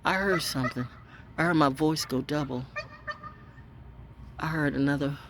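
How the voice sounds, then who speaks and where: A woman broadcaster talking in a profane, unscripted rant, swinging from loud high outbursts to low mutters. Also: normal speed, noisy background. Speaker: online storyteller and broadcaster. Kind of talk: unscripted ranting monologue.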